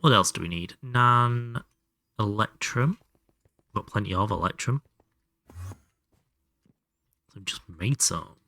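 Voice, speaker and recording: A man's voice: fairly low pitch, bright, forceful tone, no room sound. A man chatting casually while streaming a game and answering his chat.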